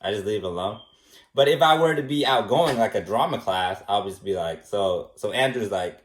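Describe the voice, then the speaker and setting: A man in a casual rambling monologue who shrugs things off in soft, dismissive replies. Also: fairly low pitch, lively intonation, fairly quick. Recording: roomy echo.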